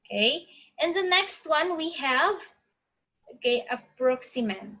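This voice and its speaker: A woman teaching phonetics in an online lecture, often saying "okay" and pausing to check her slides. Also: sits high, expressive, sharp tone, dull audio. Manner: frequent "okay" fillers, pauses to check slides.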